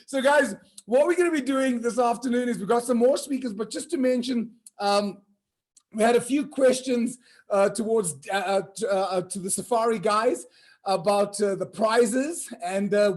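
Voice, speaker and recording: A man hosting a virtual conference, telling jokes with lively acted-out voices and shouted punchlines. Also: sits high. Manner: animated, shouts punchlines and acts out characters.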